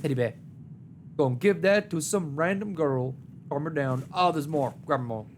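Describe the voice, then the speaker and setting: A man's voice: normal speed, slight background noise. A man streaming a game live, talking through it with joking trash talk. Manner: animated, joking trash talk at enemies, big pitch swings. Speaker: gaming streamer. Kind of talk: live gameplay commentary.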